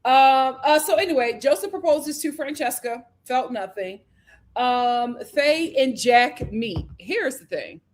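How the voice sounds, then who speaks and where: A high-pitched woman talks loosely through a live reality show review. She is chatty and opinionated, slipping into quick impressions of the cast as she goes. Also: expressive. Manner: chatty, opinionated, acts out cast members' lines.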